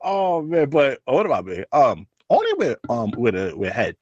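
A man's voice: medium pitch, huge pitch swings, normal speed, darkish tone, no room sound, muffled recording. A man hosting a podcast, teasing and asking frank questions in casual banter. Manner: teasing, laughing question-asker. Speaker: podcast host.

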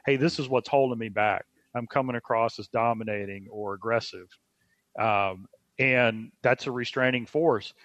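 A man speaking as a guest on a podcast, explaining ideas in a slow, reflective way. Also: mid-range voice, fairly bright tone, no room sound. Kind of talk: casual podcast conversation. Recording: dry, slightly dull sound.

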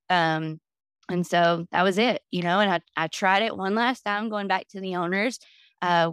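A woman's voice: on the low side, a bit bright, smooth, dry recording. A woman guest on a podcast, telling her story candidly and with lots of fillers. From Florida. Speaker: podcast guest, business owner. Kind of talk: casual interview talk.

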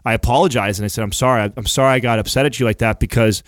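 A man's voice: medium pitch, very fast, no echo, clean studio sound. A man in a candid podcast talk, speaking earnestly and reflectively and swearing casually. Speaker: podcast host.

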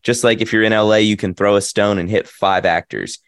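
A man's voice: fairly low pitch, fairly quick, no echo, clean studio sound. A young man from Nashville with a light Southern accent, chatting and joking as an interview guest on a video call. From Nashville, Tennessee. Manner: chatty, joking, animated storyteller. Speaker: actor and musician, interview guest.

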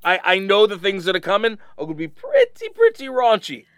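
A man co-hosts a podcast in loose, casual chat. He is excitable and rambling, repeating words as he goes. His voice sits high and swings widely, with dry, close sound. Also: brisk, no echo. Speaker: podcast co-host.

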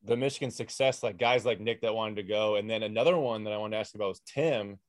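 A man's voice: lowish voice, fast, no echo, studio quality. A young man, a former player hosting a podcast, telling stories casually with lots of "like". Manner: laid-back storytelling, many "like"s. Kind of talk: casual chat.

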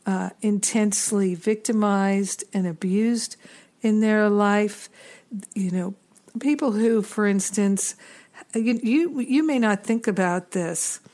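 A middle-aged woman hosting a reflective spiritual teaching talk, earnest and unhurried, with gentle self-deprecating asides. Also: mid-range voice. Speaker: spiritual teacher and podcast host.

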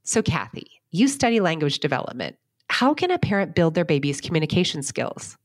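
A woman's voice: low voice, big pitch swings, brisk. A woman interviewing a researcher, asking questions and sharing her own parenting experience in a conversational way. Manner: warm conversational, shares personal parenting experience.

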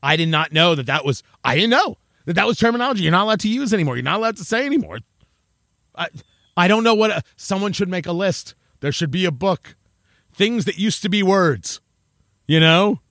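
Animated man riffing on comedy. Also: sits high, fairly quick, no echo, clean studio sound. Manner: animated, rambling, self-interrupting. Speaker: commentator. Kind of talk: opinion monologue.

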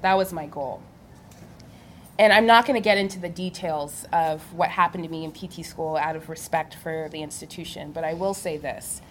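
A young adult woman on a live panel, telling her story in an animated way and laughing often. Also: deep voice, normal speed, slight background noise. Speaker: physical therapist on a panel.

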